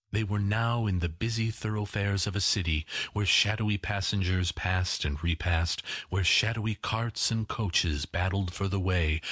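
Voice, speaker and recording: Male audiobook narrator, low husky voice, slow, lively pitch, dry close mic. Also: dry recording. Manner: unhurried, expressive reading. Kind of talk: scripted narration of a classic story.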